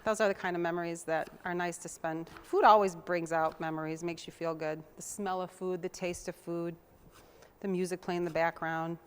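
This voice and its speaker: A woman's voice: fairly low pitch, little pitch movement, moderate pace, smooth. A woman hosting a casual cooking demonstration, chatting to viewers in a homey way while she chops and mixes, sometimes drifting away from the mic. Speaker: cooking show host.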